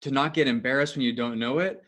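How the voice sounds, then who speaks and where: A man's voice: medium pitch, quick pace, fairly bright tone. A man co-hosting a podcast, asking his questions in a friendly, rambling way and often restarting his sentences. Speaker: podcast co-host. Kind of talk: casual podcast interview.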